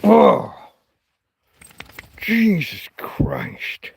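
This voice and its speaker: Man, high voice, slow and drawn-out, exasperated and sweary, livestreaming from a tent. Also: wildly swooping pitch, vocal fry, slight background noise. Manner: exasperated, sweary, talks to his dog. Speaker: livestream host. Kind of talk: casual night-time livestream chat. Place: tent in a field.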